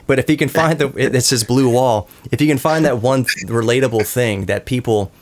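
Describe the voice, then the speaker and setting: A man's voice: medium pitch, a little fast. A man hosting a casual roundtable podcast, rambling and correcting himself with apologetic asides. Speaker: podcast host.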